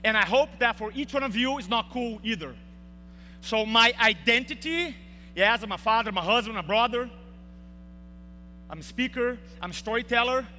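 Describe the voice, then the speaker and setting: A man's voice: very high-pitched, sharp tone. A young man giving a motivational speech in a large hall, telling an emotional story and acting out the quotes. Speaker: speaker. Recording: reverberant hall with faint hum.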